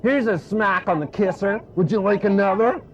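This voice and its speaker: A man voicing a bossy puppet wife in a shrill, scolding voice, on a dull lo-fi recording. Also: normal speed, a little hiss or hum, natural voice.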